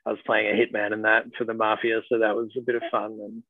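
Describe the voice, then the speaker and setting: A man's voice: lowish voice, level tone, fast talker, no echo. A man with an Australian accent, an actor chatting as a guest in a casual interview, rambling with fillers and restarts. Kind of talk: casual video-call interview. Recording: tinny phone-like call audio, dry.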